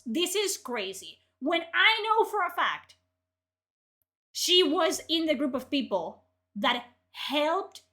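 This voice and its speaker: High, bright-voiced angry woman ranting. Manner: furious, profane, shouting outbursts. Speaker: streamer reacting to articles.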